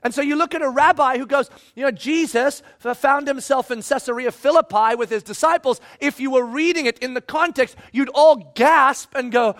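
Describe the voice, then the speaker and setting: A man preaching a sermon in an animated way, acting out voices and shouting at times for emphasis. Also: very high voice, normal speed, hardly any pauses.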